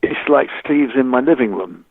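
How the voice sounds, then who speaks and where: A man from England tells lively stories as an interview guest, slipping into the voices of the people he quotes and stumbling over restarts. His voice sits in a middle range. It comes through a dry, narrow, phone-like line. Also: mid-range voice, moderate pace, creaky, dry recording. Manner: animated storyteller, acts out quoted voices, stammers on restarts. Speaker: musician guest. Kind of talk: anecdotal interview chat.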